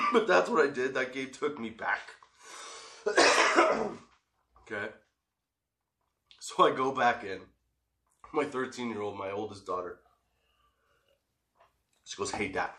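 A man's voice: medium pitch, expressive, takes it slowly, pauses often, sharp tone. A middle-aged man and father telling a story in a casual vlog, rambling, swearing freely and laughing as he goes. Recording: echoey room.

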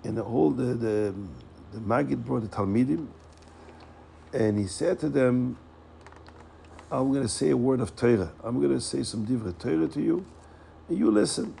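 Gravelly, mellow-voiced male storyteller. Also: mid-range voice, moderate pace, long pauses, a little hiss or hum. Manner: animated, repeats words and acts out characters' lines. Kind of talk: telling a Hasidic story.

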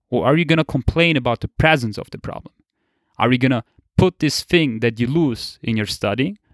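A man's voice: mid-range voice, no echo, clean studio sound. A young man giving a casual motivational monologue, laid-back, swearing casually and laughing often. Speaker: motivational podcaster.

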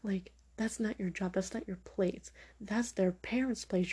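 A woman's voice: mid-range voice, steady tone, measured pace, dark tone, husky. A young woman hosting a podcast, speaking frankly and opinionatedly in a casual monologue full of fillers. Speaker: podcast host.

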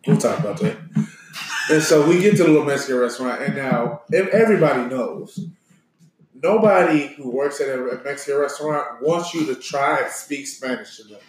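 A man telling a story in casual chat with friends, animated and laughing as he goes. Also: mid-range voice, fairly quick, slight background noise. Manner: animated, laughing, mimics others' voices. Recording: echoey room.

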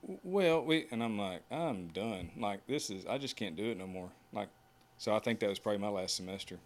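A fairly low-pitched, brisk voice belongs to an American horseshoer telling casual stories as a podcast guest. In a folksy manner, he performs the lines of other people.

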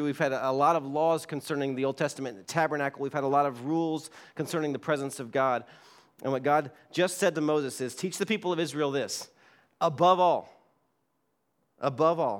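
A man preaches a sermon from the front of a church with a slightly raised voice. His delivery is earnest, and he repeats key words for emphasis as he reads scripture aloud. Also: on the high side. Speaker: pastor. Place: church sanctuary.

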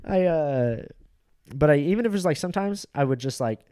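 A man's voice: on the high side, animated, brisk, warm tone, clean tone. A young man, a stand-up comic hosting a podcast, chatting casually in a rambling, profane way full of fillers. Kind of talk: casual chat.

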